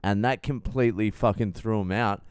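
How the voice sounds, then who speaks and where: A blunt, profane comedian tells stories in a casual podcast monologue. His voice is low, clean and smooth, recorded close and dry. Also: normal speed, no room sound.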